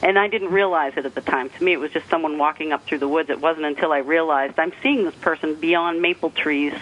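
Bright-voiced man calling in on the phone. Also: on the high side, fairly quick. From New Hampshire, northeastern US. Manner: rambling, with many restarts and light laughs. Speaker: caller. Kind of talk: telling a personal story on a call-in show. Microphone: telephone. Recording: tinny phone line.

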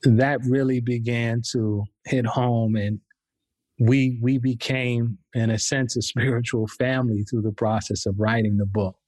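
A man's voice: mid-range voice, steady tone, a little slow, a little mellow, dry recording. A man, a professor, answering interview questions in a reflective, thoughtful way. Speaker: professor, guest author.

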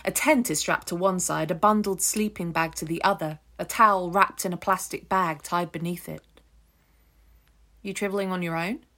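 A woman narrating an audiobook extract in a measured, descriptive storytelling manner. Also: on the low side, bright, forceful tone. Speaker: audiobook reader. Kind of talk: scripted narration.

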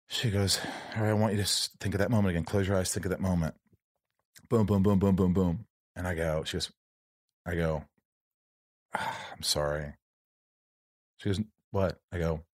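A man's voice: sits low, no echo, clean studio sound. A man hosting a podcast, telling a personal story in casual chat and acting out the dialogue. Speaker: podcast host.

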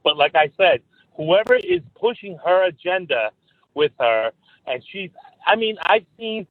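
Male radio caller, New York accent, high voice, rambling and animated, tinny phone line. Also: a little slow, dry recording. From Bronx and Long Island, New York. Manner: rambling, animated, self-interrupting. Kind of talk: phone-in chat.

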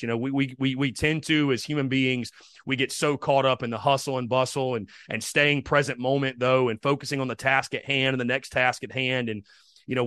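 A man's voice: medium pitch, a bit bright, smooth, no room sound, studio quality. A man hosting a sports podcast, talking casually and earnestly, rambling with restarts. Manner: rambling, with many restarts and fillers; heartfelt, thanking listeners. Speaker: podcast host.

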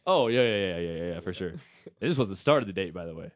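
Joking man, low voice. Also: expressive, quick pace, no echo, studio quality. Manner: joking, storytelling, laughing often. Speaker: podcast co-host, athlete. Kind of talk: casual chat.

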